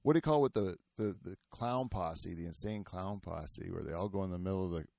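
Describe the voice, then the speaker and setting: A man's voice: sits low, fairly quick, vocal fry, warm tone, no room sound. A man hosting a podcast in casual, rambling chat, full of fillers, restarts and swearing. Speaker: podcast host.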